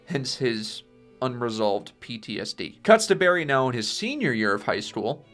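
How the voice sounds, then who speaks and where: A man reading out a film pitch scene by scene, with casual asides. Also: expressive, moderate pace, a bit bright, faint music behind. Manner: plain storytelling with casual asides. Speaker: channel host pitching a film.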